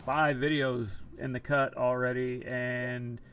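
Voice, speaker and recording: A man's voice: mid-range voice, level tone, slow pace, a bit bright. A man live-streaming an online card game from home, chatting casually and groaning about his bad luck.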